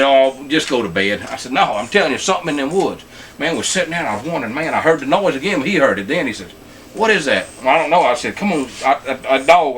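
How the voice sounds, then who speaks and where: A man's voice: on the high side, fairly bright tone, a little hiss or hum. A middle-aged man telling a story in a folksy, casual way, with "man" and "I tell you what" again and again. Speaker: show regular telling a story.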